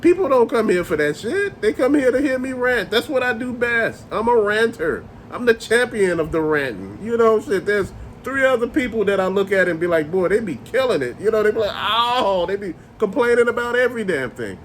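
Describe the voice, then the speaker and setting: A man's voice: sits high, sing-song, brisk, hardly any pauses, slight background noise. A man hosting a toy channel, ranting in a casual, profane, exasperated way. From Chicago area. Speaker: host of a toy rant channel.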